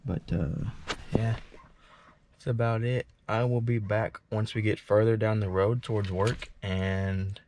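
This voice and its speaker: A man's voice: fairly low pitch, fairly even intonation, a little slow. A man casually vlogging while he drives to work, rambling with many fillers, recorded inside a moving car. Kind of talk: casual vlog while driving. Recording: muffled with loud road noise.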